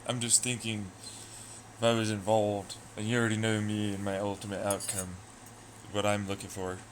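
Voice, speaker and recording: A man's voice: lowish voice, little pitch movement, normal speed, slight background noise. A man streaming live, chatting loosely with viewers, swearing and trailing off into asides. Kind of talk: casual rambling chat.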